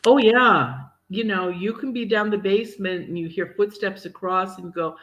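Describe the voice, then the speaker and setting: Animated woman answering ghost questions. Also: medium pitch, moderate pace, muffled recording. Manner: animated, acts out voices in her stories. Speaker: psychic medium co-host. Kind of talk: casual chat answering viewer questions.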